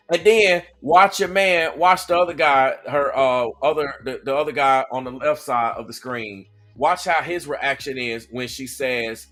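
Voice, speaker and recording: A man hosting a casual reaction video, talking straight to his viewers in an animated way. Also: medium pitch, measured pace, few pauses, soft background music.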